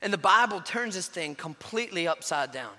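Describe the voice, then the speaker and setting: A man in his thirties preaching a sermon as pastor, telling a story with lively voiced quotes. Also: sits high, a little fast. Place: church sanctuary. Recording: long church reverb.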